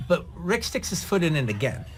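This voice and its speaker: A man, a film director being interviewed, telling a long anecdote with lively delivery. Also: fairly high pitch, moderate pace, a little hiss or hum. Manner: lively, acts out dialogue in the retelling. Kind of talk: animated anecdotal storytelling.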